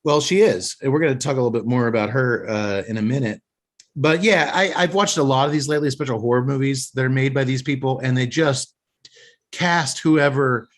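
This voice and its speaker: A man's voice: medium pitch, brisk. A man hosting a casual podcast chat, rambling and opinionated with frequent restarts. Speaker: podcast host.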